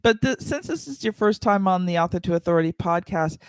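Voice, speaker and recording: A woman's voice: lowish voice, expressive, a little fast, no room sound. A woman hosts a podcast, reading out her guest's introduction and then inviting him to tell his story. Her voice is recorded close and dry, with no room sound. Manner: reads the guest intro, then asks warm open questions. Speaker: podcast host. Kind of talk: podcast interview.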